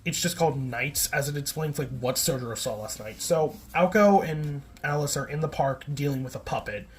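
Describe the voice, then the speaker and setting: A man's voice: on the high side, normal speed. A man giving a casual, rambling recap, often correcting himself and filling gaps with "like" and "um". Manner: rambling, self-correcting, filler-heavy. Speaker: video essayist.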